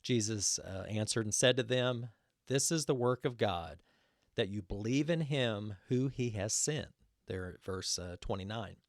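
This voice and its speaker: A man's voice: on the low side, unhurried, dry recording, clean studio sound. A man giving an earnest Bible teaching talk, explaining verses with frequent fillers.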